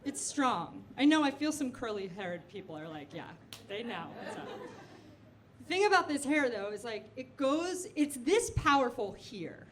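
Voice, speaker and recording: A woman doing a stand-up comedy set in a club, chatting quickly with the crowd in quick asides. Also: high-pitched, big pitch swings. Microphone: handheld stage mic. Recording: noisy live club recording.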